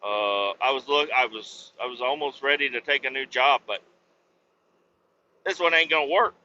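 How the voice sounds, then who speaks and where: A man's voice: mid-range voice, normal speed, dull audio, a little hiss or hum. A man in his thirties or forties hosting his own podcast from behind the wheel, rambling and swearing through every sentence over a headset mic. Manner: swears constantly, rants loudly. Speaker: podcast host. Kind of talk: profane rambling monologue. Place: driving a truck.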